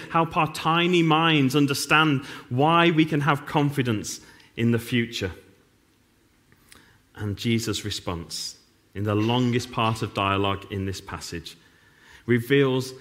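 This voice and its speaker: Middle-aged pastor, animated sermon delivery, wry sarcastic asides. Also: male voice, medium pitch. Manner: wry, self-mocking humor with sarcastic asides.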